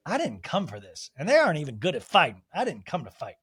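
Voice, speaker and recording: A man's voice: on the high side, wildly swooping pitch, fast talker, a bit bright, breathy edge, exaggerated voice. A man imitating an indignant woman who scolds bluntly.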